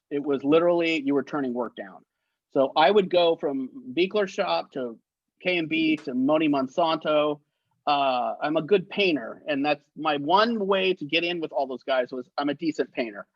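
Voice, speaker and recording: A man in his fifties, a guest on an interview, telling stories in a lively way and acting out the people in them. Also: on the high side, no echo, highs cut off. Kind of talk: anecdotal storytelling.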